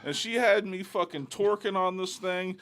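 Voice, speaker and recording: A man co-hosting a podcast, telling a story in animated, profane casual banter. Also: high-pitched, normal speed. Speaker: podcast co-host.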